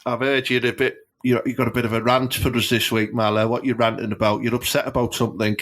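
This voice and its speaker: Bright-voiced man hosting a comedy podcast. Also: medium pitch, little pitch movement, fast. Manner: laid-back, teasing, plays along with his co-host. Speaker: podcast host. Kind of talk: casual comedy podcast chat.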